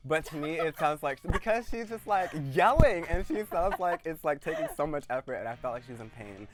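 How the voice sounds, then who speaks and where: A man's voice: on the high side, animated, brisk, background noise. A young man from Missouri, a guest chatting in a casual interview, telling stories with lots of likes. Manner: chatty storyteller, many likes. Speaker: guest YouTuber.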